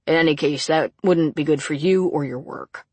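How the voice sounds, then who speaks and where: A reader voicing a calm, gently probing male sheriff in an audiobook. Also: mid-range voice, normal speed, no echo, lightly acted. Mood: businesslike. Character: calm steady man, a rural sheriff. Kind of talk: audiobook character reading.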